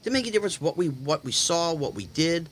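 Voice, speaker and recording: A man in his fifties, a guest in a casual chat, telling anecdotes with animated delivery and slipping into other people's voices. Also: a little high, a little fast. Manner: animated, acts out quoted voices. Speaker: guest storyteller.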